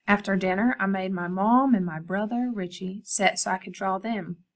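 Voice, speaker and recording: A woman art teacher reads a picture book aloud to her class. Her storytelling is expressive, and she often speaks to the students directly. Her voice has a gravelly edge. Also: medium pitch, moderate pace.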